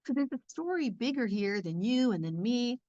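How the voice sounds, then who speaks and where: Woman teaching scripture, chatty and lively, fairly high voice, dull lo-fi sound. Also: moderate pace, no room sound. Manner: chatty, lively, with many fillers. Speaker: Torah teacher. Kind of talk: conversational Bible lesson.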